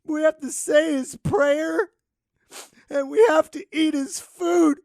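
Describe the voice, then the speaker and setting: A man's voice: steady tone, extremely slow, vocal fry, dry recording, studio quality, exaggerated voice. A man putting on a melodramatic, frantic young American man who begs for help. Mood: pleading. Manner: shrill, begging, melodramatic.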